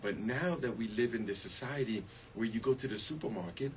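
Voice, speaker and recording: A man's voice: on the low side, brisk, few pauses, slight background noise, rough recording. A man as a radio guest, chatting casually about stress and wellness, laughing often and asking "you see?".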